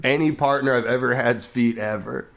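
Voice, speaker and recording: A man's voice: medium pitch, steady tone, normal speed. A young man in casual comedic banter, laughing often as he acts out a rambling story idea. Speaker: podcast co-host.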